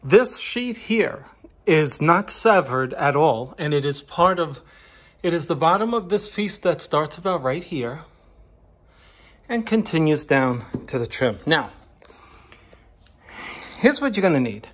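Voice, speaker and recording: Slow, patient man teaching a trade. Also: on the high side, lively intonation, fairly bright tone. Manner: patient, step-by-step, encouraging the viewer. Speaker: wallpaper installer hosting his channel. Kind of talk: how-to tutorial narration. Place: indoors at a client's home studio.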